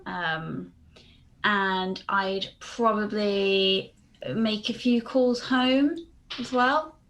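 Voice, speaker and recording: A woman playing a tabletop role-playing game, speaking in halting, trailing phrases. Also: mid-range voice, fairly bright tone. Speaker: player.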